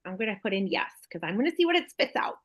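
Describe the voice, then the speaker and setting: Very animated and rapid-fire, a middle-aged real estate broker with a mid-range voice hosts a casual video call chat. She's chatty and enthusiastic, thinking out loud as she goes.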